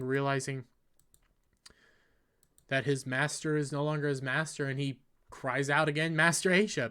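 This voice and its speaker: A man's voice: a little high, a bit bright. A man hosting an anime review, recapping an episode in a casual, earnest way and often restarting and repeating phrases.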